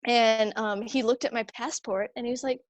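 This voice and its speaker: A religious sister telling a personal story in a conversation, animated and chatty, acting out what others said. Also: female voice, fairly high pitch, normal speed, dry recording. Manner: animated, acts out quoted voices; chatty, many fillers and restarts.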